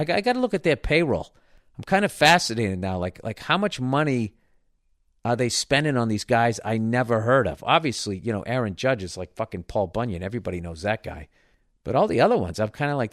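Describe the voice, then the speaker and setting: A man's voice: on the low side, dry recording. Man, middle-aged, swearing rant, dry close sound. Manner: profane, animated ranting with frequent restarts. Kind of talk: casual rant about baseball.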